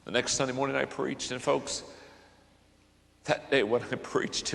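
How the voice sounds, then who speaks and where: An older man preaching to a conference, moving between hushed storytelling and fervent, raised passages. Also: medium pitch, fairly even intonation, a little slow, gravelly. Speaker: pastor. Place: conference hall. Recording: large hall with long reverb.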